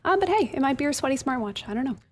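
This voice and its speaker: A woman's voice: high voice, lively intonation, racing, a little hiss or hum. A woman co-hosting a tech podcast, giving tips in a breezy, conversational way. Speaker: co-host. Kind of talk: casual podcast chat.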